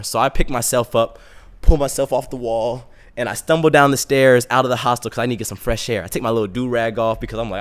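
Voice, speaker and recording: A young man telling a comic story in a casual, animated, self-mocking way. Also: medium pitch, fast talker.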